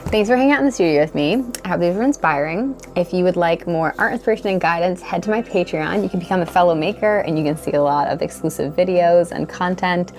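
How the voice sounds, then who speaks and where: A woman's voice: lowish voice, fast talker, few pauses. Chatty woman in a tiny art studio. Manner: chatty, rambling, with frequent "like" fillers. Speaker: artist and channel host. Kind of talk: casual chatty studio tour vlog. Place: small tiny-house art studio, indoors.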